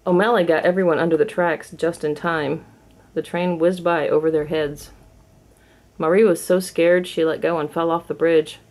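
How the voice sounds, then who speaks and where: A woman reading a children's storybook aloud in a clear, measured storytelling manner. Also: sits low, steady tone, darkish tone. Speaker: storybook reader. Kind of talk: storybook read-aloud for kids.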